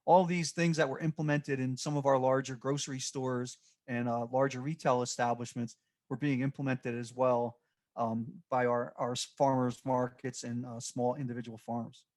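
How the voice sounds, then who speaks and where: Casting: man, mid pitch, unscripted slide presenter, halting with lots of fillers. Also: flat delivery, darkish tone. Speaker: extension presenter.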